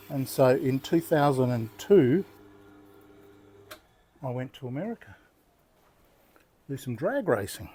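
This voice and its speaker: A man's voice: mid-range voice, dark tone, slight background noise. An older Australian man, a knife-sharpening host, chatting casually and telling rambling, good-humoured stories while he demonstrates.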